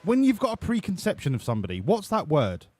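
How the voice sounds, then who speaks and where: A man's voice: sits high, wildly swooping pitch, fast talker, a little mellow. A man commentating his game livestream, joking and swearing as he banters with his chat. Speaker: streamer. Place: home room.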